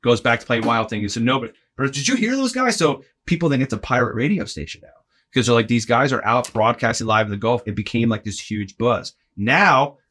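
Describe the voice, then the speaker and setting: A man telling a story in a casual podcast chat, animated and acting out other people's lines. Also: mid-range voice, a little fast. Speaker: podcast guest, arena game host.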